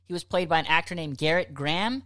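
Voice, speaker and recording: A woman co-hosting a podcast in casual chat, profane and excitable, often laughing. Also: fairly low pitch, quick pace. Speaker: podcast co-host.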